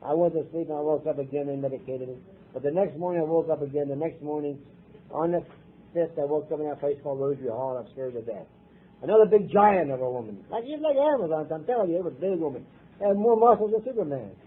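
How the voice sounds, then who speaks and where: An older man from Ohio giving a blunt, profane personal testimony at a recovery meeting, with a husky voice. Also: a little high, expressive, fast talker. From Ohio, USA. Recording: tinny lo-fi tape recording.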